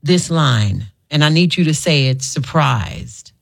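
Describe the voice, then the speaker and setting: A woman's voice: low voice, lively intonation, slow, creaky. A woman hosting a radio call-in, playful and laughing often as she coaches callers through a game. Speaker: radio host. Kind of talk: casual call-in chat.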